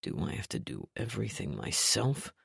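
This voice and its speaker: A woman voicing a short-tempered male billionaire boss who talks in a clipped, rough way. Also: extremely low pitch, sing-song, normal speed, no room sound, studio quality, voice pushed down, full character voice. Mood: angry.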